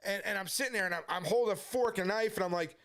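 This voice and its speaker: A man's voice: high-pitched, very fast, a bit bright, a little hiss or hum. A middle-aged man telling his personal testimony as a story, acting out the voices of the people he quotes. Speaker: testimony speaker.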